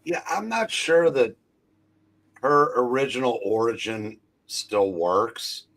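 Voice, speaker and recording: A man's voice: medium pitch, slow pace, fairly bright tone, low-quality recording. A man co-hosting a comic review, adding brief, matter-of-fact comments in casual chat.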